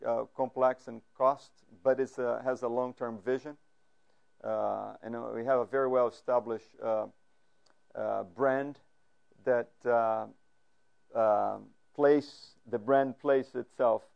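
A man gives a lecture at a mid-range pitch. He talks with frequent fillers and restarts. Now and then he turns to the audience with questions. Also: gravelly, a little mellow, muffled recording. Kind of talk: academic lecture. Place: lecture room.

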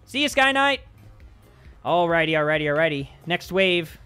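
Man, game host, fairly high voice, upbeat, explains mechanics, faint music behind. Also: big pitch swings, normal speed, bright, forceful tone, clear, resonant tone. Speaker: host and map maker. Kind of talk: casual gameplay chat.

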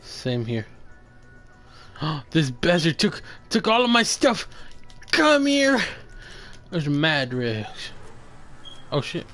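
A young man giving loud, excitable commentary while playing a video game, swearing and trash-talking his teammates. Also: a little high, slow, pauses often, faint music behind. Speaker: gamer streaming gameplay. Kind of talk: casual gameplay commentary.

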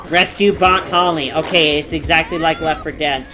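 A young man hosting a gameplay stream, gushing and exclaiming excitedly as he plays. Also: fairly high pitch, unhurried. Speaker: gaming streamer host. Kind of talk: live gameplay commentary. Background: game music and gunfire.

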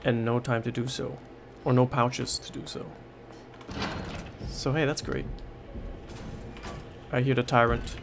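A gaming YouTuber speaks in a mid-range, gravelly, level voice, unhurried and with long pauses, over background noise. Still, he's jittery and swearing as he plays a horror game, repeating himself when fear and stress hit.

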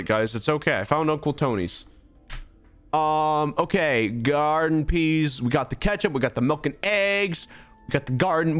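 A man's voice: a little high, fairly bright tone. A young man streaming a game, talking through it in a rambling, exasperated, self-mocking way. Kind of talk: casual gameplay commentary.

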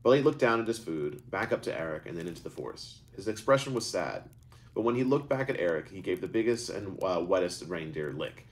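A man's voice: sits low, lively intonation, fairly quick. A man reading his own book aloud live, stumbling and correcting himself as he goes. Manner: unscripted stumbles and self-corrections. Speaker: author and narrator.

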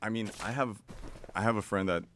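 A man's voice: lowish voice, brisk, fairly bright tone, a little hiss or hum. A man in casual chat, telling long rambling stories about money and art with lots of fillers and laughs. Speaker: guest.

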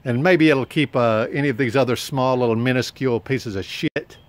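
Man as arrogant lawn-care CEO, smug insulting rambler, medium pitch. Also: a little fast, natural voice. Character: arrogant, pompous male lawn-care company boss. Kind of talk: comedy sketch monologue.

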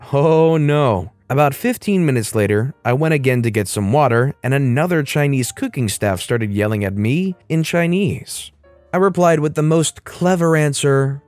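A man reading an online story aloud as a first-person narrator, in a lively scripted style. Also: mid-range voice, no echo.

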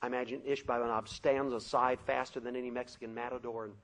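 A man preaching a sermon, telling a story dramatically with shouted sound effects. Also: medium pitch, level tone, fast, rough recording.

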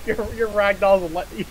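A man chatting over voice chat during a co-op game, exasperated and protesting at his friend's antics. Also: sits high. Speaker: co-op gamer. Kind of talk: casual gaming chat over voice chat. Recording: loud game noise behind the voice.

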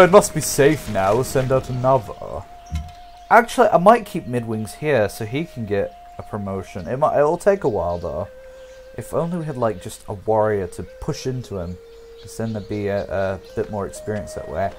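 A man giving casual, jokey gameplay commentary, rambling and talking straight to his viewers. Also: fairly low pitch. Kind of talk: casual let's-play commentary.

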